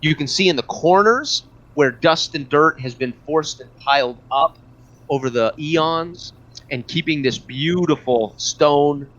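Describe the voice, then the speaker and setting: A man narrating as game master in a tabletop game, describing scenes with frequent pauses and fillers. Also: on the high side, a bit bright. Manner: hesitant, many fillers and restarts. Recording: dull lo-fi recording.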